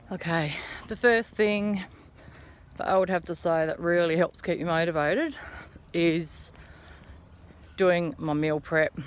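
A woman's voice: on the low side, slight background noise. A woman in her thirties vlogging casually while out walking in the morning, talking encouragingly to the camera. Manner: chatty, encouraging, talks to camera. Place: outdoors on an early morning walk.

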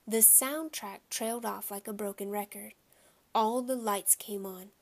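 A woman reading a children's chapter book aloud, telling the story in a clear, lively way. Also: medium pitch, a little slow. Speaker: audiobook reader.

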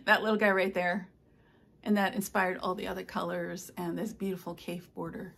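An older woman, a stitching vlogger, chatting casually and telling rambling stories with soft asides. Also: mid-range voice, fairly even intonation, brisk, vocal fry, a little hiss or hum. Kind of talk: casual chat.

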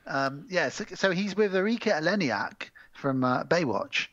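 Jokey man, lively and dry. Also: on the high side, no echo, highs cut off. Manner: jokey, swears, acts out film scenes in quick voices. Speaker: podcast co-host. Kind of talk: casual chat about films.

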